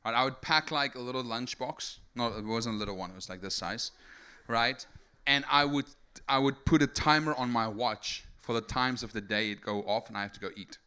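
A man's voice: medium pitch, a little fast, hardly any pauses, smooth. A young man from South Africa telling his life story as a sermon to an audience, peppering it with "right?" and asking for raised hands. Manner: energetic storytelling with many rhetorical "right?" tags. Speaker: speaker giving testimony. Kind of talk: sermon testimony to a live audience.

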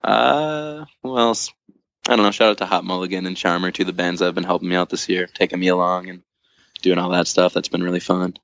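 A man's voice: deep voice, steady tone, brisk, gravelly, a bit bright, muffled recording. A man chatting as a podcast guest, telling a long story in a loose, casual way, full of fillers and swearing, with laughs at the funny parts.

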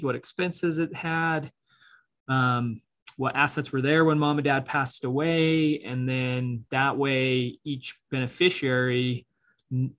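A man co-hosting a relaxed podcast chat about estate planning. He walks through how trusts and wills work in plain, easygoing terms, and laughs easily. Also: medium pitch. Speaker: estate planning attorney co-host. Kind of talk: casual podcast conversation.

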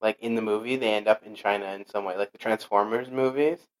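A young man with a low voice talks loosely in a relaxed conversation. He rambles and keeps restarting his sentences, piling up fillers as he goes. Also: fast, low-quality recording. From Portuguese heritage. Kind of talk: casual chat.

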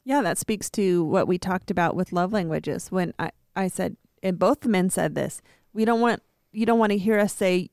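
A woman co-hosting a casual faith-based chat, lively as she acts out quoted voices. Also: lowish voice, normal speed, dry recording, clean studio sound.

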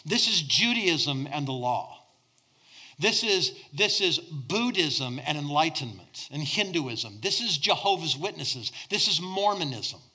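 A middle-aged man preaching a sermon, swinging between loud emphasis and hushed near-whispers. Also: on the high side, lively intonation, measured pace, breathy edge. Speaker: pastor.

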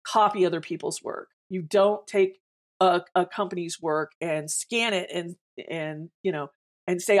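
A woman's voice: fairly low pitch, a little slow. A woman co-hosting a podcast in casual chat, blunt and opinionated, often restarting her sentences.

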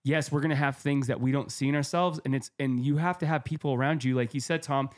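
A man co-hosting a casual podcast, talking in an energetic, conversational way and drawing sports comparisons. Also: medium pitch, fast.

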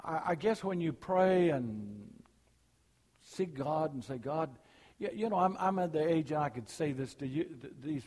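Folksy older preacher. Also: male voice, fairly high pitch, big-room sound. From Alabama. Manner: folksy, storytelling. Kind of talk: folksy sermon with jokes.

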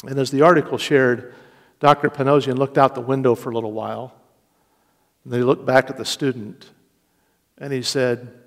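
A man preaching a sermon with slow, deliberate delivery and rising emphasis. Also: mid-range voice, steady tone. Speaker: pastor. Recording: long reverb of a large hall.

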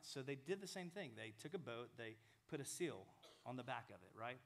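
Guy in his 30s preaching, lively and animated, acts out voices, goes quiet and whispery sometimes. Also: mid-range voice, fairly quick, gravelly, hardly any pauses. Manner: animated, acts out inner dialogue, drops to soft whispers. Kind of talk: sermon.

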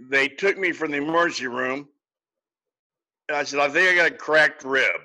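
A man's voice: medium pitch, pushed and bright, poor audio. An older man, a podcast guest, telling a long personal story in a folksy, casual way with chuckles.

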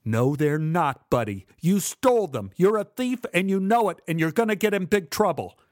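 A man's voice: sits high, fast, dry recording, clean studio sound, voice pushed up, natural voice. A man voicing his younger self as a boy, insistent and pleading for his rocks back. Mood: indignant.

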